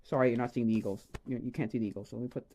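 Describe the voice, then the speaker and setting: A man on a casual livestream, rambling and exclaiming excitedly as he opens trading cards. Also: mid-range voice, very fast, a little hiss or hum. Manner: excitable, rambling, exclaims over each card. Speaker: streamer opening a card pack.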